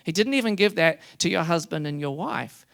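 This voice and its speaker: A man preaching a sermon to a congregation, animated and emphatic, rising into loud emphasis. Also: a little high, a little fast, vocal fry. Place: church hall before a congregation.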